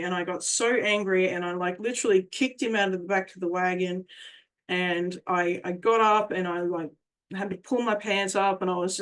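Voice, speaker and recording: A woman guest in an interview, telling a personal story in a candid, emphatic way and swearing freely. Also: medium pitch. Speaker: interview guest, survivor advocate.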